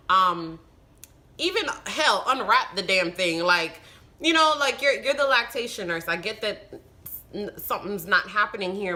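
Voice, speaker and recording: Bright-voiced woman telling a story. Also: medium pitch. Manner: animated, emphatic retelling with frustrated outbursts. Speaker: vlogger and new mother. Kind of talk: casual storytelling to camera.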